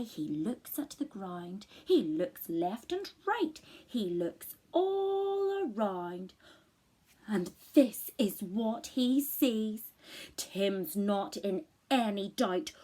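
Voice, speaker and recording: A woman teacher reading a picture book aloud to children, expressive and encouraging, asking them to read along and spot rhymes. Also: medium pitch, slow. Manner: expressive, encouraging, asks the listener to join in. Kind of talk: read-aloud storytime lesson.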